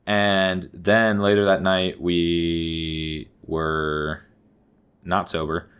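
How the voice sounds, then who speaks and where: A man's voice: low voice, level tone, drawn-out words, fairly bright tone, clean tone. A young man co-hosting a podcast, telling a rambling story in casual chat, trailing off, restarting and swearing casually. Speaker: podcast co-host.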